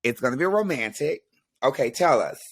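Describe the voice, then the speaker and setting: A man, chatting as a guest and telling stories in an animated, teasing way. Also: mid-range voice, fairly quick. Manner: animated, playful storyteller, teasing. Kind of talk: casual chat.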